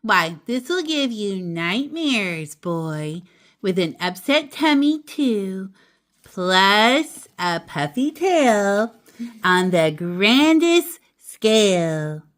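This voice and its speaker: A woman's voice: medium pitch, sing-song, drawn-out words. A woman voicing a fussing cat mother scolding her son in a sing-song storybook way.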